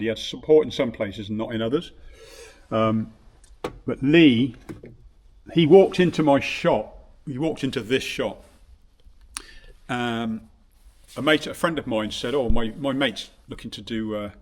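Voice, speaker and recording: Rambling man reminiscing in his shop. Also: mid-range voice. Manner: rambling with many fillers and restarts, acts out quoted dialogue. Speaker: bike shop owner and vlogger. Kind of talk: casual reminiscing vlog.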